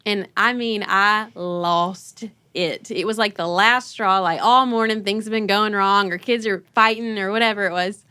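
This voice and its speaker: A woman, hosting a podcast and telling an animated story, laughing and acting out her kids' voices. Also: mid-range voice, normal speed, few pauses, clear, resonant tone, no room sound. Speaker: podcast host. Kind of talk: casual conversational storytelling.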